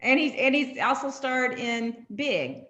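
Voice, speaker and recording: A woman in a casual video-call chat, joking in a wry, deadpan way. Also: high voice, a little slow, dull audio, a little hiss or hum.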